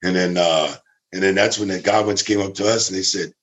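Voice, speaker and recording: A man casually telling a backstage story, animated and acting out the people he quotes. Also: a little fast, lo-fi sound. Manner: animated, acts out quotes with big pitch jumps. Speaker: former ring crew member telling stories.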